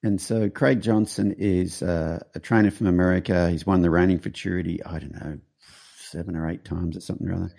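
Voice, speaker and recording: Man, podcast host, casual storyteller, mellow dark voice, rambling. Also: low-pitched, fairly even intonation, a little fast, vocal fry. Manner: rambling, with many restarts.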